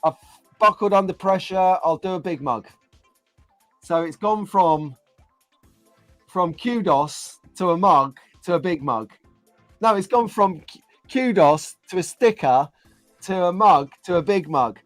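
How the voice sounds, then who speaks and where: A man's voice: high voice, animated, measured pace, long pauses, no echo, soft background music. A man hosting a casual live stream, reading out viewer comments and joking along with the chat. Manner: chatty, jokey, reads out viewer comments.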